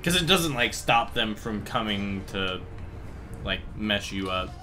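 A young man playing through a game with a friend, excitable, shouting and joking as he plays. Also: lowish voice, measured pace, faint music behind. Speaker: player on a gaming channel. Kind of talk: casual let's-play chat.

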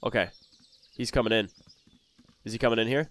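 Commentating on a game with plenty of excitement, a young YouTuber alternates between quiet mumbles and sudden loud bursts. His voice is mid-range and his delivery fairly quick.

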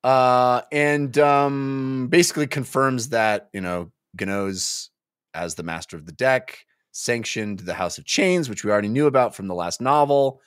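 A man's voice: mid-range voice, unhurried, clean tone, no room sound, clean studio sound. A man co-hosting a casual book club chat, recapping chapters and acting out characters' lines in playful voices. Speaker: podcast co-host.

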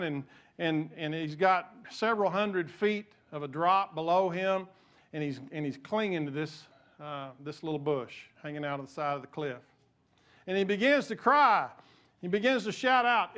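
Pastor preaching, slightly high voice. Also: male voice, moderate pace. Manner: storytelling with repeated restarts; drops to soft, low voice in prayer. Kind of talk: sermon. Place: church.

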